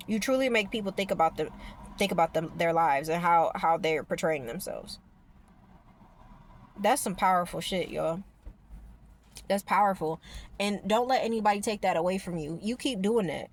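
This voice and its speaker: A woman's voice: on the low side, normal speed, pauses often. A woman vlogger talking casually to her viewers about spirituality, rambling and emphatic, with the odd swear word.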